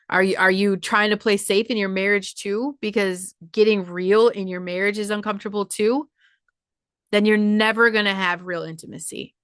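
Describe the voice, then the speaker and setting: A woman's voice: medium pitch, fairly bright tone, clear, resonant tone, no room sound, studio quality. Blunt, profane woman podcast host. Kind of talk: motivational monologue.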